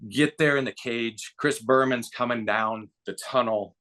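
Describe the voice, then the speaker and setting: A man in his fifties spins a long anecdote in relaxed, conversational interview style. His voice sits at an ordinary middle pitch and swings up when the story excites him. He slips into the voices of the people he quotes. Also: measured pace. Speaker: podcast guest, baseball broadcaster and former player.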